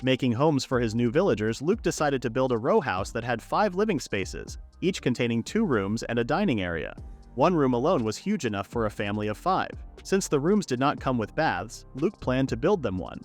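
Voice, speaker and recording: A man giving a scripted story recap narration in a steady storytelling read. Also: medium pitch, moderate pace. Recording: narration with faint background music.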